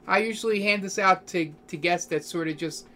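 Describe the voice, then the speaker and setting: A man's voice: sits high, a little fast, pushed and bright, pitched above the performer's own voice. A man doing an easygoing half-elf desk clerk. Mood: casual helpful. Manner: easygoing, chatty, hesitant.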